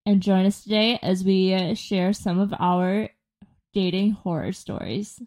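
A woman's voice: medium pitch, a little slow, darkish tone. A young woman co-hosting a podcast in casual chat, telling stories and often laughing mid-sentence. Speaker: podcast co-host.

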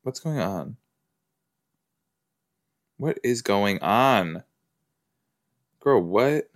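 A man gives casual watch-along reactions, exclaiming and firing questions at what he sees. His voice sits fairly low and he talks at a slow, unhurried pace. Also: lively intonation. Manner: chatty, exclaiming and asking questions at the screen. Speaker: reaction video host.

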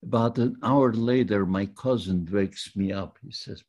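An older man from Poland, slowly recounting his own life story in a plain, halting manner. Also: fairly low pitch, a little mellow. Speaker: Holocaust survivor. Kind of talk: testimony storytelling.

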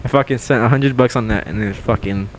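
A young man co-hosting a podcast, telling a story in casual chat, swearing and loudly acting out what people said. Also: medium pitch, fast, a little hiss or hum. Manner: animated, swears a lot, acts out quotes loudly. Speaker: podcast co-host.

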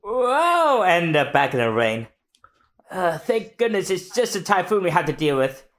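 Laid-back co-host with a wry edge, chatting and reading aloud with a lively pitch. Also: measured pace, slight background noise. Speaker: podcast co-host. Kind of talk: casual chat, reading manga aloud.

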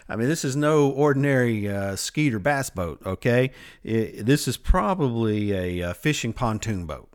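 A man, hosting a podcast and retelling a Bible story in a folksy, rambling way. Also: lowish voice. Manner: folksy, rambling storyteller who laughs at his own tangents. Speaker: podcast host.

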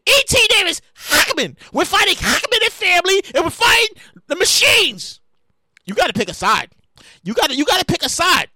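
A high-pitched man hosts a solo podcast from home, speaking into his mic at a normal speed, very animated, swinging his voice wildly up and down as he rambles and bursts into shouts. His tone is bright and sharp, and the sound is close and dry with no room sound.

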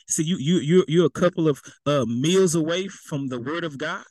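Male preacher, AAVE, loose street-talk sermon, fairly high voice, dry close recording. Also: fairly quick, no room sound, poor audio. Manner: conversational, repeats words, folksy slang. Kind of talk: casual sermon.

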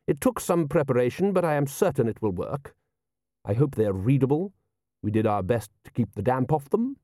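A cool, dry-witted ruler, as a male narrator puts him on, smooth and precise with a quietly ironic edge. His mellow, warm voice moves up and down freely. It is a storybook reading heard close and dry. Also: mid-range voice, very animated, normal speed, no room sound, natural voice.

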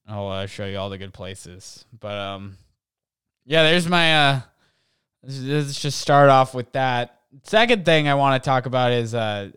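Stand-up guy rambling in his bedroom, says like a ton, super clear dry sound. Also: mid-range voice, fairly bright tone, dry recording. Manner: rambling, heavy use of "like". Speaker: stand-up comedian. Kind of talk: casual storytelling.

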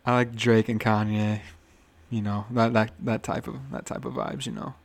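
A man's voice: fairly low pitch, flat delivery, moderate pace, vocal fry, dry recording. A young man hosting a casual solo podcast, rambling with frequent swearing and restarts, a little nervous. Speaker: podcast host.

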